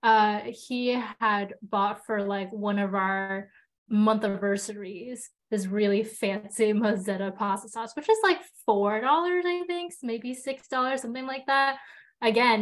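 A woman co-hosting a podcast in casual chat, relating with animated retellings. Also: medium pitch, normal speed.

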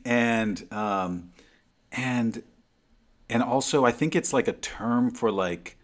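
A man co-hosting a podcast remotely, telling stories in a rambling, animated way with lots of restarts. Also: mid-range voice, slow. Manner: rambling, animated storyteller with frequent restarts and fillers. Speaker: podcast co-host. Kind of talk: casual chat. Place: remote call. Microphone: remote call mic.

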